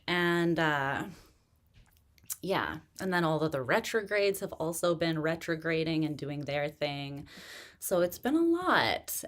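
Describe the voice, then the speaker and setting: A woman hosting a tarot live stream, chatting in a relaxed, rambling way with many fillers, still recovering from pneumonia and pacing herself to catch her breath. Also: lowish voice. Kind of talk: casual live-stream chat.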